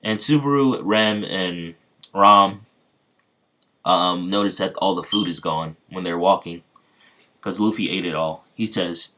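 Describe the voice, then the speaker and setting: Low-voiced man casually telling a story. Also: a little slow, bright, forceful tone. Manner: loose, off-the-cuff retelling with asides to viewers. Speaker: channel host. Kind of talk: casual improvised fan-fiction storytelling.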